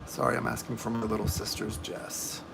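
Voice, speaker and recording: A man's voice: mid-range voice, monotone, moderate pace, gravelly, over music. A man giving tarot readings on a live stream, chatting and rambling to viewers in the chat. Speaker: tarot reader.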